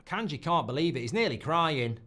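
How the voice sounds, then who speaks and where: A man hosting a live football watchalong, reacting loudly to goals and swearing freely. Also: fairly high pitch, fairly quick. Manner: excitable, swears, shouts at goals. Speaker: watchalong host.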